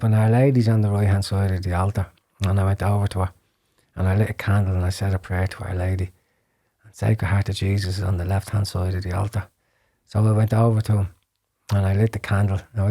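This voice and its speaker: An Irish man appears as a podcast guest, earnestly sharing his personal testimony in a lowish, dark, mellow voice. He repeats words and restarts frequently, and when recalling prayers he drops to a hushed whisper.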